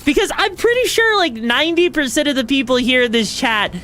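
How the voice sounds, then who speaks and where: Female streamer, higher voice, animated and rambly, casual play commentary. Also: brisk. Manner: rambling, chatty, lots of fillers.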